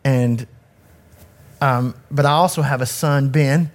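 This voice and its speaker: A man's voice: medium pitch, steady tone, takes it slowly. A man in his forties, a youth ministry director, giving a candid, self-critical personal talk to an audience on a handheld mic, often restarting his sentences. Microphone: handheld microphone.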